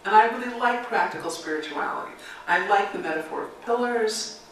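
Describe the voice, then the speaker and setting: A woman's voice: mid-range voice, expressive, brisk, a little hiss or hum. Woman minister preaching in an echoey sanctuary. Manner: reflective, leads call-and-response chanting. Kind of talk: sermon with guided meditation. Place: church sanctuary. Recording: very echoey sanctuary, mic far off.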